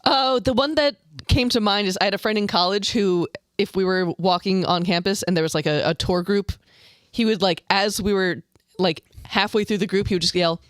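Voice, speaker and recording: A man's voice: high voice, moderate pace, a bit bright, smooth, dry recording. A man in casual podcast chat, telling a story in a dry, wry way.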